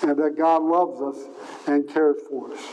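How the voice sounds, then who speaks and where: A man's voice: fairly high pitch, fairly even intonation, unhurried, darkish tone, poor audio. A man preaching a sermon in an earnest way, stressing and repeating key words, with faint hiss behind.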